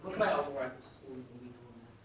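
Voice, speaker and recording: A man's voice: mid-range voice, animated, racing. A man in his forties from England, a ghost tour guide and medium, telling cheeky stories and teasing a live group. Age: 40s. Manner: cheeky, jokey, teases the audience. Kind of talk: joking storytelling to a live group. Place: large indoor hall in an old fort. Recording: echoey, distant room with faint noise.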